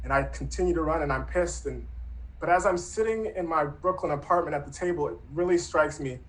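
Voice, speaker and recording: A man's voice: a little high, a little fast, poor audio. Earnest man telling a personal story. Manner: earnest, reflective, conversational with acted-out quotes. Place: Brooklyn.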